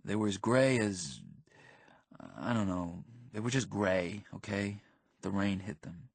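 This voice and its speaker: Husky man reading a deadpan teen story. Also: lowish voice, unhurried, no echo. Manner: casual teen slang, flat and deadpan. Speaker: audiobook narrator. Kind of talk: first-person audiobook narration.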